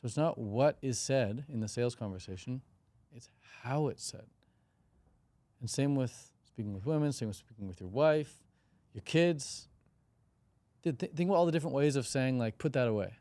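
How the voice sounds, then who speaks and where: A man's voice: medium pitch, moderate pace, long pauses, mellow, no room sound. A young man hosting a casual podcast chat, curious and breezy, full of slang and acted-out example lines. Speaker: podcast host.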